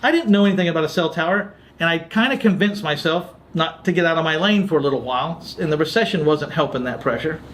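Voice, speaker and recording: A man's voice: a little high, fast, hardly any pauses, a little hiss or hum. A man hosting a podcast, telling a story in a casual chat and acting out the lines of other people. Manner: animated storyteller, quotes others' dialogue. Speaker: podcast host.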